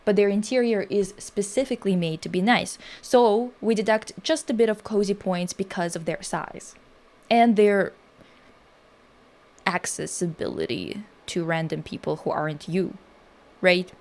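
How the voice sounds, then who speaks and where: A woman's voice: mid-range voice, lively intonation, a little slow, a little mellow. Rambling, profane woman streamer. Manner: rambling, profane, self-interrupting. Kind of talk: casual livestream commentary.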